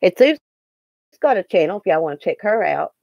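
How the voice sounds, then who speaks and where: A woman's voice: on the low side, sing-song, brisk, vocal fry, no room sound, muffled recording. A Southern woman hosting a casual livestream, chatting folksily with viewers by name and reading the chat. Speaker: YouTube livestream host.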